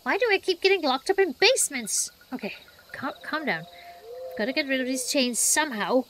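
A woman's voice: high-pitched, animated, fairly quick, fairly bright tone, slight background noise. A woman streamer reading a game's dialogue aloud with playful reactions. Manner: reads lines with playful reactions.

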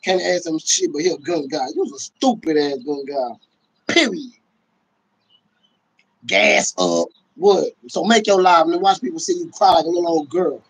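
Man, high pitch, profane mocking livestream rant, bursts of shouting. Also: normal speed, slightly rough, rough recording. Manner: profane, mocking, animated, with sudden shouts and laughs. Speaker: livestream host. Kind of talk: ranting livestream commentary.

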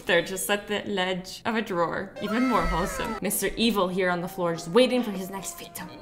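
A woman's voice: mid-range voice, moderate pace, music in the background. A young woman hosting a reaction video, chatting playfully and exclaiming at what she watches. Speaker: YouTube host. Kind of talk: reaction commentary.

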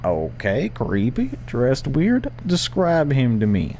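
A perky late-night radio host, put on by a man reading a game, bright and chatty, pitched high above his natural speaking voice. His delivery is breezy and eager, like an on-air DJ keeping a caller talking. A faint hiss sits underneath. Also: wildly swooping pitch, takes it slowly. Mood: upbeat.

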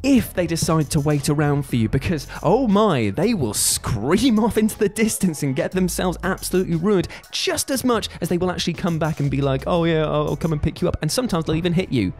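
A man's voice: a little high, big pitch swings, brisk, hardly any pauses, darkish tone, soft background music. A man giving a sweary, sarcastic scripted comedy voice-over as a video host.

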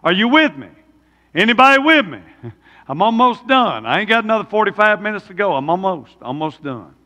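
A man's voice: high-pitched, sing-song, brisk, pushed and bright. A man preaching a sermon, folksy, throwing rhetorical questions at the congregation. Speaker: pastor. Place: church sanctuary. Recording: long church reverb.

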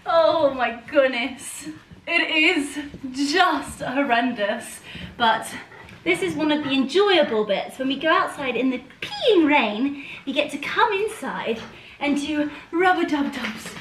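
A young woman with a bright, high voice talks at a slow, easy pace. She is bubbly and affectionate, laughing often and cooing at her dogs. She is recorded in a home kitchen on a camera resting on the counter. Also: a little hiss or hum. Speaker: lifestyle vlogger. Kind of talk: casual vlog chat. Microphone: camera set on a counter.

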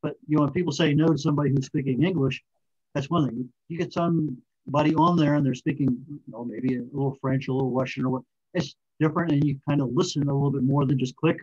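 Husky-voiced male interview host. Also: fairly high pitch, fairly even intonation, fast talker, a little mellow, lo-fi sound. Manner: chatty, storytelling. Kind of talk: casual interview talk.

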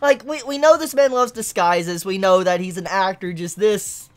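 A woman reviewing a manga chapter in casual commentary, excitable, laughing often and swearing freely. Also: normal speed. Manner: animated pitch jumps.

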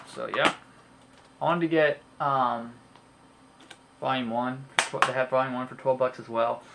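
A young man, a home video collector, chats casually about his purchases in a haul video, rambling with plenty of ums and uhs and tripping over names. His voice is medium-pitched and a bit bright, with slight background noise.

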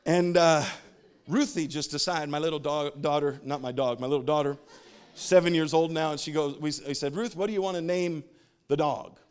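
A man's voice: fairly high pitch, fairly even intonation, moderate pace, clean tone. Joking male pastor preaching a sermon. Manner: jokey storytelling, laughs at his own stories.

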